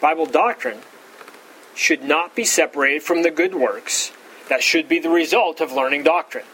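A pastor giving an expository Bible teaching, repeating words and saying "all right" often, rising in pitch to stress key points. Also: male voice, moderate pace, fairly bright tone, a little hiss or hum, poor audio. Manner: rises in pitch for emphasis.

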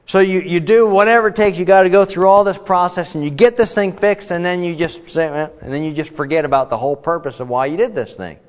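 A man's voice: high-pitched, a little fast, few pauses. A man teaching a Bible study in a conversational, emphatic way, often restarting his sentences. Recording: dull audio, long reverb in a hall.

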